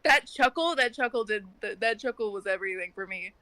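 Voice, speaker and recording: A woman's voice: medium pitch, a little fast, pushed and bright, no echo. A woman playing in a tabletop game, chatting eagerly and joking with friends. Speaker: player. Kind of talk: casual tabletop game chat.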